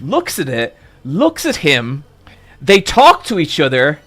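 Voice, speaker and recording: Male streamer, casual storyteller, slightly high voice, swears freely, excitable.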